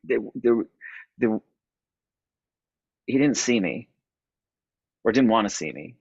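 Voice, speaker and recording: A man telling a personal story, halting and repeating words as he goes. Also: mid-range voice, lively intonation, a little mellow, breathy edge, no room sound, muffled recording. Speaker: podcast guest.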